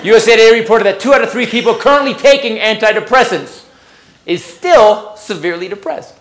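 High, animated stand-up comic man. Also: brisk, echoey room, some chatter behind. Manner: sarcastic, incredulous, shouting punchlines. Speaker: stand-up comedian. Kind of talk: stand-up comedy routine.

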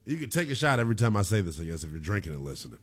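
Animated man doing a sports talk show. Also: fairly low pitch, racing, slightly rough. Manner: animated, conversational, lots of "right?". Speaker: sports commentator. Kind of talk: casual sports talk monologue. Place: home studio.

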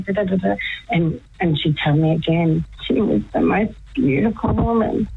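A woman's voice: deep voice, gravelly, a little mellow, slight background noise. A woman guest on a radio show, speaking earnestly and laughing often as she chats. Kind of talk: casual radio chat by phone. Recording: tinny phone line.

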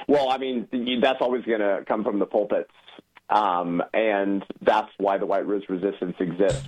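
A man calling in as a guest on a radio talk show, explaining at length with frequent fillers. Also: low-pitched. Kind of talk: casual radio conversation. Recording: tinny phone line.

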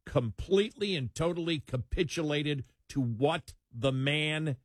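A man co-hosting a talk show, speaking in emphatic, animated commentary with frequent laughs. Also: on the high side, unhurried, breathy edge, dry recording, clean studio sound. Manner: animated, emphatic, laughs while mocking opponents. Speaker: co-host.

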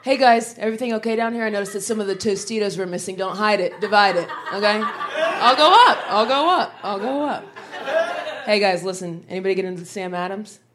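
A woman's voice: mid-range voice, noisy background, close to an everyday voice. A woman voicing a nervous, eager-to-please middle-aged dad checking on a kids' sleepover, repeating himself as he hovers. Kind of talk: stand-up comedy.

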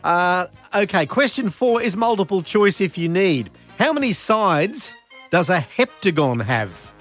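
A man co-hosting a radio quiz, chatty and quick to laugh along. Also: high voice, sing-song, a bit bright, faint music behind. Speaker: radio co-host. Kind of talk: breakfast radio banter.

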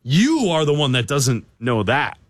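A man's voice: mid-range voice, big pitch swings, no room sound. A man co-hosting a sports radio show, trading teasing banter with his partner and laughing easily. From American Midwest. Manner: teasing, playful, quick to laugh. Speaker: co-host.

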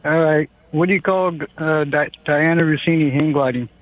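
A man's voice: fairly high pitch, moderate pace. A man calling in to a radio show to crack pun jokes. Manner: jokey, punning. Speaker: caller. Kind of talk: call-in radio joke telling. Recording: tinny phone line.

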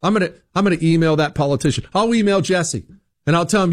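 A man's voice: fairly high pitch, quick pace, dry recording, studio quality. A man delivering an opinion commentary monologue, emphatic, full of rhetorical questions, often restarting and repeating words. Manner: emphatic, animated, rhetorical questions, acts out quoted voices. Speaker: political commentator host.

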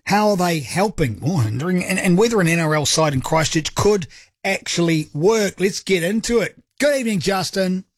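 Upbeat New Zealand radio sports host, husky. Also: male voice, high-pitched, animated, moderate pace, dry recording, studio quality. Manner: chatty, jokey, upbeat. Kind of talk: talkback radio hosting. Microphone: studio microphone.

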